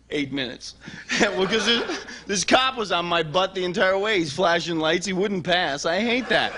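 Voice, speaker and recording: High-voiced goofy stand-up comic, a man. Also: sharp tone. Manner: rapid, goofy, chatting with the crowd. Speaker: stand-up comedian. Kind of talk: stand-up comedy routine. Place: TV studio stage with live audience.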